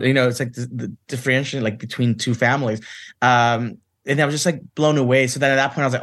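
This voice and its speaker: Guy from santa ana rattling off stories quick, lots of like and you know, mid pitch. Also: steady tone, a bit bright. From Santa Ana, California. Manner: chatty, heavy use of "like" and "you know". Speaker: actor and guest. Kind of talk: casual storytelling interview.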